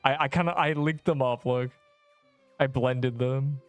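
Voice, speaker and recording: A hoarse young man casually chatting and joking while live-streaming a game. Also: mid-range voice, steady tone, dry recording, soft background music. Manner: joking, chatty, quick to laugh.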